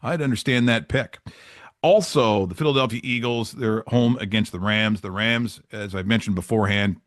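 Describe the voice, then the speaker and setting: A man's voice: on the low side, normal speed, no echo, studio quality. A man hosting a sports betting show, giving casual picks in a chatty, joking way with loose asides.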